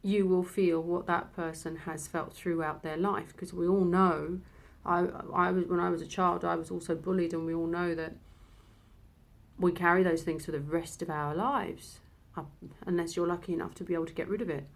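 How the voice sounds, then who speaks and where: A woman in her thirties telling a personal story, halting and emotional, with many restarts. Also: fairly low pitch, steady tone, gravelly. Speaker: vlogger.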